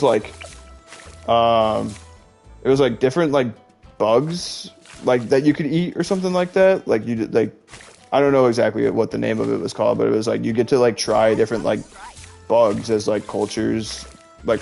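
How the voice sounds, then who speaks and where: A man's voice: medium pitch, moderate pace, vocal fry, a little mellow, faint music behind. A young man in his twenties, a streamer chatting casually and rambling through stories, saying "like" constantly. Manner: rambling, heavy use of "like", chatty storytelling. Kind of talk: casual chat.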